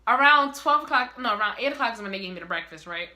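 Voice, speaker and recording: A young woman tells a story to camera in a loose vlog style. Her delivery is animated and full of swearing. Her voice is bright and sits a little high. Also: quick pace. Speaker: vlogger.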